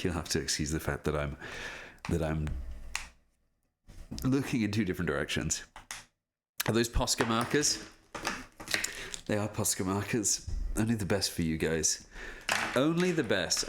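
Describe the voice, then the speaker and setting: A man's fairly low voice that swings up and down in lively bursts as he chats on a home live stream. He jokes at his own expense and reads his viewers' messages aloud in a loose, casual way. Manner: chatty, jokey, reads chat aloud, self-deprecating. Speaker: voice actor streaming a signing. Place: home room with lamps and streaming setup.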